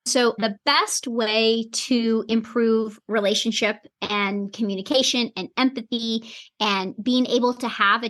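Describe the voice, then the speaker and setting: A woman health coach with a fairly high, slightly bright voice answers questions as a podcast guest. She explains things earnestly and acts out snippets of inner dialogue.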